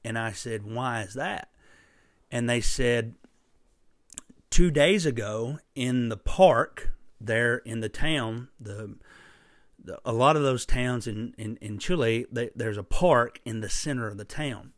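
A man preaching a sermon through a personal story, impassioned and emphatic, with sudden loud bursts. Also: medium pitch, takes it slowly, no echo, studio quality.

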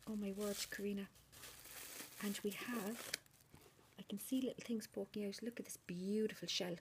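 A woman, gushing over handmade gifts in a casual unboxing vlog and often dropping into a hushed whisper. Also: medium pitch, steady tone, normal speed, noisy background. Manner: repeats delighted exclamations. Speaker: crafter unboxing a swap gift.

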